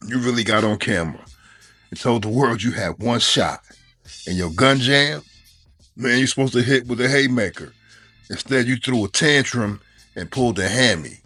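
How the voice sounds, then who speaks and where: A man's voice: medium pitch, fairly bright tone, slightly rough. A man giving sarcastic commentary, delivering a mocking roast full of punchlines.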